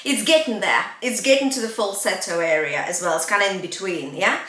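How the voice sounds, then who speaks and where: A woman's voice: mid-range voice, fairly quick, fairly bright tone, reverberant. A woman vocal coach teaching a singing lesson. She is encouraging, checks in often with "yeah?" and "okay?", and breaks into short sung demonstrations.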